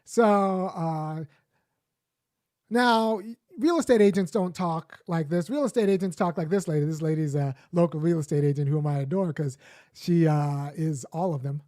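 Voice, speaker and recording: A man's voice: on the high side, normal speed, mellow. Man giving live political commentary. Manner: conversational, with frequent fillers and restarts; argumentative, lecturing. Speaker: host of a weekly live commentary show.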